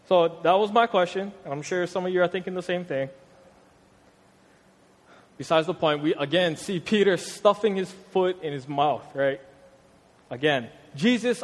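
Animated preacher in a reverberant hall. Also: male voice, a little high. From Hawaii. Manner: conversational, animated, street slang. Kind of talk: casual slang-filled sermon. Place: church hall.

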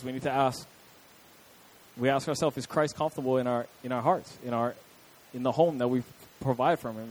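A man's voice: medium pitch, rough recording. A young adult man preaching a casual, conversational sermon with chatty asides to his listeners.

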